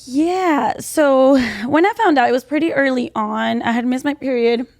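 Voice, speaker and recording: A woman's voice: high-pitched, normal speed, a little mellow. A woman in her late twenties, pregnant, telling a personal story in a chatty way with a lot of "like"s as a podcast co-host. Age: 20s. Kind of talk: casual chat.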